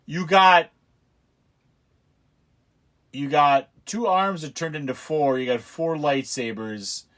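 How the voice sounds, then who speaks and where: A man's voice: a little high, slow, fairly bright tone. A young man hosting a casual movie commentary, profane and mocking, laughing at what he watches. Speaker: podcast host.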